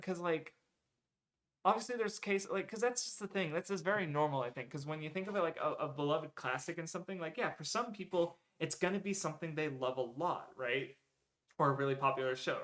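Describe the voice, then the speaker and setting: A streamer with a voice on the high side and a fairly bright tone reads through viewer recommendations. Talking casually to his audience, he rambles, leans on "um" and "like," revises himself mid-sentence, and swears from time to time.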